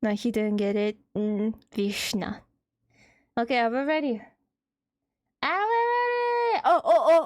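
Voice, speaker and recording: A woman streaming live, chatting with her audience in an excitable way, swearing and playfully shouting at chat. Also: a little high, dry recording. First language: Russian. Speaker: VTuber streamer.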